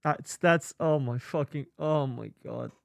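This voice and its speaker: A male streamer chatting casually with viewers, excitable and swearing often with lots of exclamations. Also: on the high side, measured pace, creaky, soft background music. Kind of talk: casual live-stream chat.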